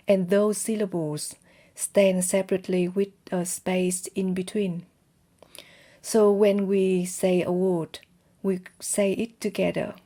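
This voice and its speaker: A woman with a Vietnamese accent explains a language lesson at an unhurried pace, demonstrating each word with care. Her voice is mellow and relaxed, with a moderate pitch. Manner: careful, demonstrates words. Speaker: language teacher.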